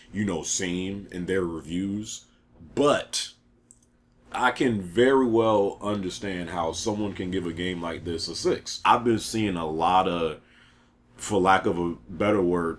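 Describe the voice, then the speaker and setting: A man's voice: sits low, fairly bright tone. A man giving a casual, chatty video game review, talking animatedly with lots of fillers, restarts and laughs.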